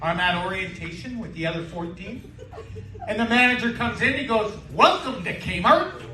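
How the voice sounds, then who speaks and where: A Canadian man in his sixties performs a stand-up set of brash, crude punchlines on a casino club stage. His high voice is pushed and bright, moving a little fast. The live recording sounds roomy and distant, with crowd noise.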